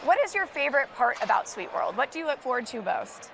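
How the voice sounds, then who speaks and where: A woman's voice: high-pitched, sing-song, fast talker, gravelly, fairly bright tone, a little hiss or hum. A woman working as a roving floor reporter, interviewing attendees with upbeat enthusiasm. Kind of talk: live event interviewing.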